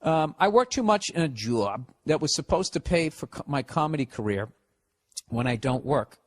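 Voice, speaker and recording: A man's voice: a little high, very animated, moderate pace, dry recording. A man with a Boston accent runs a comedic podcast monologue, riffing through listener problems with sarcasm and constant swearing. His delivery is loose and rambling, with plenty of restarts. The recording is dry and close, with no room sound. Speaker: podcast host. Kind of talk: casual comedic advice monologue. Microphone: podcast studio mic.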